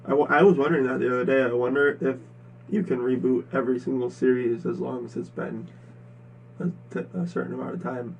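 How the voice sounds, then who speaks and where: A man's voice: mid-range voice, level tone, a little fast, creaky, lo-fi sound, slight background noise. A young man co-hosting a podcast, chatting casually and joking between laughs. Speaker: podcast co-host. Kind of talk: casual chat.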